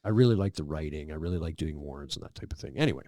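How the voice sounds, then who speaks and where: Middle-aged man with a very deep, gravelly voice, relaxed podcast guest spinning anecdotes and playing out the dialogue. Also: rapid-fire, no room sound, clean studio sound. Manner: relaxed anecdotal storyteller, acts out quoted dialogue. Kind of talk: casual storytelling interview.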